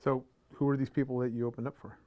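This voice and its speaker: A man's voice: medium pitch, flat delivery, quick pace, lo-fi sound. A man appearing as the guest artist on a live stream, chatting enthusiastically.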